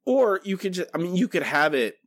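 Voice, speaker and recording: A man's voice: high voice, fairly quick, dry recording, clean studio sound. A man co-hosting a podcast, talking casually and rambling with frequent restarts. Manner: rambling, many restarts, animated. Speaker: podcast co-host.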